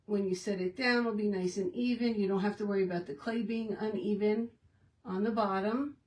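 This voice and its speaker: A woman's voice: medium pitch, fairly even intonation, fairly quick, darkish tone, distant mic. A woman hosting a casual crafting tutorial, talking to herself and her viewers as she works with her hands. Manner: chatty, self-talking while working with her hands. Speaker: craft video host.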